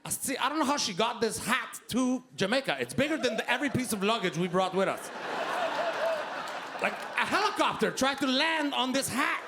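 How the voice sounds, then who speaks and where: A man in his fifties with a Québécois French accent doing a loud, animated stand-up set, shouting his punchlines. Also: very high voice, normal speed, background noise. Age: 50s. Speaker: stand-up comedian. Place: comedy club stage. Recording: live club with loud crowd laughter. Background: audience laughing.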